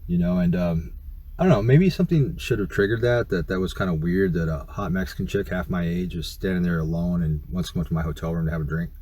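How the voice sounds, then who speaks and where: A man's voice: sits low, fast, dark tone, breathy edge. A middle-aged man telling a story casually to camera in a rambling, profane way full of fillers. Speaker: YouTuber.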